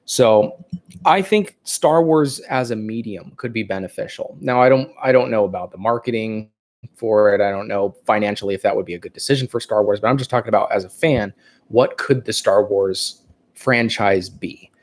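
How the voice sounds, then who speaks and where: A man's voice: fairly low pitch, moderate pace. A man with a Californian accent hosting a casual livestream, thinking aloud and rambling with fillers. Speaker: livestream host.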